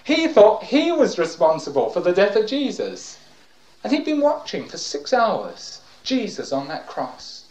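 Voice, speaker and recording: Fervent older man preaching with lively pitch. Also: unhurried, rough recording. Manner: fervent, interjects praise, swings from loud cries to hushed tones. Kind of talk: sermon with scripture reading.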